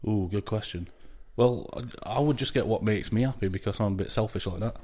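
A man's voice: lowish voice, fairly quick, warm tone, a little hiss or hum. A man, co-hosting a podcast with dry questioning banter. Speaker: podcast co-host. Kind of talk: casual chat.

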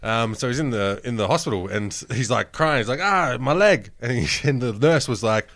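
A man's voice: medium pitch, brisk, a bit bright, dry recording, studio quality. An Australian man co-hosting a sports podcast in casual chat, swearing freely and rambling through anecdotes. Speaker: podcast co-host.

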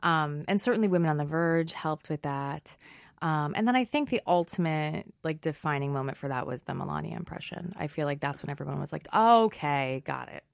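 A low-pitched woman talks in a lively, self-mocking way, laughing easily as she answers questions. The recording is close and dry, with no room around her voice. She sounds middle-aged and at ease in casual interview chat. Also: a little fast, gravelly, no room sound. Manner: animated, self-deprecating, laughs often. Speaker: guest, Broadway actress.

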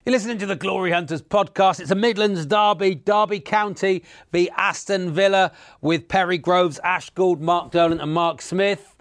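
English male podcast host, slightly high pitch, playful ribbing. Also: a bit bright. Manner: teasing, quick to rib guests. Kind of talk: casual football podcast chat.

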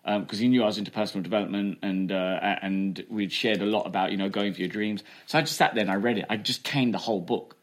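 Comic, 30s, lowish voice, rapid conversational storytelling peppered with "right?". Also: male voice. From England. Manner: fast and chatty, fillers like "right?" and "you know". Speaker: comedian guest. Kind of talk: candid storytelling interview.

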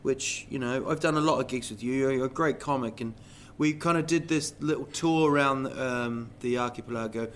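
A man's voice: mid-range voice, a little fast, hardly any pauses, slight background noise. A man hosting a podcast, chatting casually and bantering with his guest, often slipping into voices as he tells stories. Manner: bantering, jokey, slips into quoted voices. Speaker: podcast host; comedian. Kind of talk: casual interview chat.

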